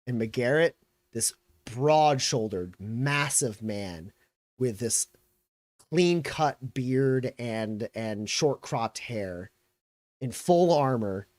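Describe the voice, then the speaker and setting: A man narrating a tabletop game as game master, in a loose, halting way with many fillers. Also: medium pitch, animated, a little mellow, no room sound, clean studio sound.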